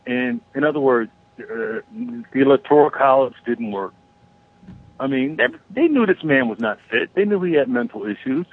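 Husky man ranting down a phone line. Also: medium pitch, sing-song, normal speed, no room sound. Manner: rambling, profane, restarts often. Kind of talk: casual opinionated talk-radio rant.

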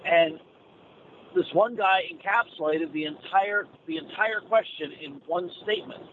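A man's voice: sits high, unhurried, slight background noise. A man who drives a truck, calling in and talking casually in a rambling way with many restarts, heard over a phone line. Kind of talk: casual chat.

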